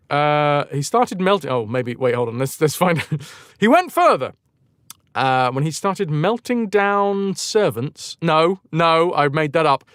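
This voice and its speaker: A man's voice: fairly high pitch, fairly bright tone, no echo, studio quality. A man hosting a livestream, chatting in a digressive, wry way, often cutting himself off mid-thought and swearing casually. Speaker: livestream host. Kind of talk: casual rambling chat.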